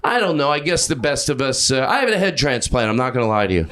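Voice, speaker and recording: A man doing improvised stand-up in a comedy club, yelling and then mumbling his asides. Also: mid-range voice, fast talker. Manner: loud, excitable, swings between yelling and mumbling asides. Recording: live club with crowd laughter. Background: audience laughter.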